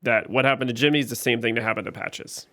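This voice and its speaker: A man co-hosting a podcast, recapping a TV episode scene by scene in casual chat, getting animated when he is frustrated. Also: mid-range voice, fast talker, no echo, clean studio sound. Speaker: podcast co-host.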